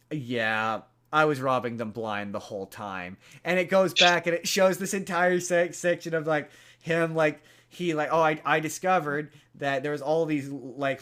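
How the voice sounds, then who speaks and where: A podcast host, a man, talks casually as he retells a film's story. He rambles, restarts his sentences and leans on fillers, and his voice sits a little high for a man. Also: a bit bright. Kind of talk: casual chat, retelling a movie plot.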